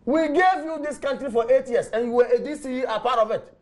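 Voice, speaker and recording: A man's voice: extremely high pitch, fairly quick. A Ghanaian man on a TV panel, debating heatedly and mixing English with Twi, talking over the others. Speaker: political party panelist. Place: TV studio.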